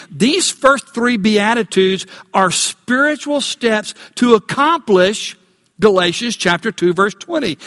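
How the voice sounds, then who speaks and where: A man preaching a Sunday sermon as pastor, asking the congregation questions and slowing down to stress key words. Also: high-pitched, fairly bright tone, big-room sound. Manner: call-and-response questions to congregation. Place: church.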